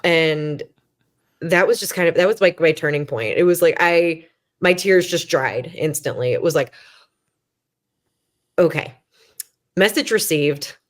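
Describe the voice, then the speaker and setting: Guest, woman, 30s, low voice, candid and self-mocking storyteller, chatty with fillers. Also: a little slow, long pauses. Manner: candid, self-deprecating, many fillers and restarts; acts out her own past thoughts in quoted voice. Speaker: podcast guest. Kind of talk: conversational storytelling.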